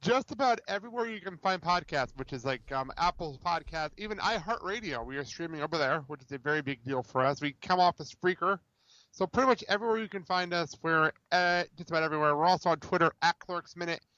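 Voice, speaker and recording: Male podcast guest, fast and high, eager, bright tone, dull lo-fi line. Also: dry recording. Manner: eager, quick plugging.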